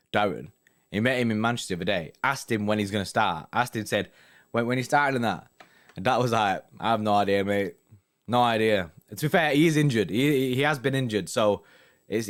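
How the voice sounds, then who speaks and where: A young man hosting a casual football fan live stream, bantering loosely with viewers and reading out their comments. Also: fairly low pitch. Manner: chatty, laid-back banter with frequent "mate" and "innit". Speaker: football fan channel host.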